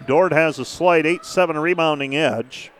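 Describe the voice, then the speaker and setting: Male play-by-play caller, slightly high pitch, quick clipped calls, faint gym noise behind. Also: a bit bright. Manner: brisk name-by-name play calling with stat asides. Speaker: play-by-play announcer. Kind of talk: live basketball commentary.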